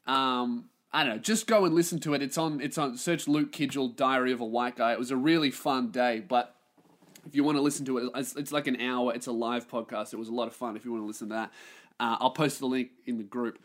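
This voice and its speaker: A man's voice: mid-range voice, fairly even intonation, fairly quick. A man hosting a solo podcast, ranting in a sweary, self-mocking way. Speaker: podcast host.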